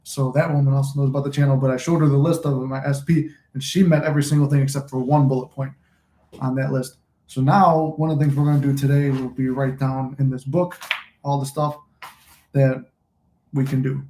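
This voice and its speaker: A man's voice: medium pitch, level tone, a little fast, warm tone. A man hosting a manifesting channel, chatting loosely and with some swearing on a phone livestream. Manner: rambling, loose and profane. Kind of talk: casual livestream chat. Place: room at home, smoking a cigar. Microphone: phone recording. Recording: echoey room.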